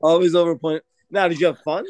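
A man's voice: on the high side, steady tone, fast, darkish tone, dry recording, faint music behind. A man co-hosting a podcast, playfully quizzing the others in casual chat. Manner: teasing, asks playful questions. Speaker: podcast co-host.

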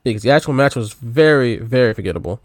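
A man co-hosting a podcast in relaxed, offhand casual chat, full of little fillers. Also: mid-range voice, fast, no room sound, clean studio sound. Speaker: podcast co-host.

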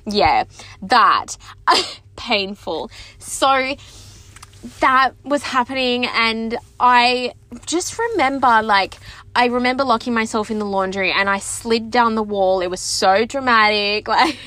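A woman's voice: on the high side, slow pace, sharp tone. A woman in her twenties telling a personal story to her viewers, chatty and candid, with lots of "like" and self-mocking laughs. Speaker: vlogger.

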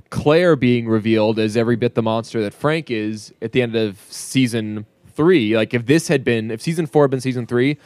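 Male podcast co-host, mid-pitched, chatty and joking, dry close mic. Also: a little mellow, clear, resonant tone, no room sound. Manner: chatty, joking, many restarts. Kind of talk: casual chat.

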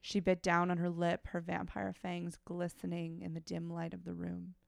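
Low, gravelly woman reading aloud. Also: completely flat delivery, normal speed, dry recording, studio quality. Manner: breaks off from reading to make frank, wry asides. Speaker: podcast co-host. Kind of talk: reading fiction aloud with commentary.

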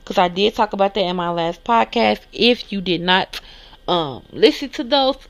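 A woman's voice: mid-range voice, expressive, moderate pace, lo-fi sound. A woman hosting a solo news podcast, reading articles aloud and reacting casually. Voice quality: lisp. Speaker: podcast host.

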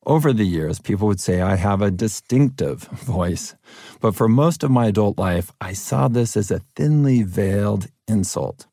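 A middle-aged man from California narrating his own audiobook in an earnest, personal way, his deep voice cracking at times. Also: lively intonation, moderate pace, mellow, no room sound, studio quality. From Fresno, California. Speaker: author reading his own book.

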